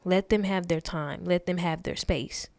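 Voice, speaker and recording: A woman's voice: fairly low pitch, fairly even intonation, a little slow, creaky, darkish tone, no echo, clean studio sound. A young woman hosting a podcast, talking to listeners in a chatty, earnest way. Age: young adult. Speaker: podcast host. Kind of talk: casual talk.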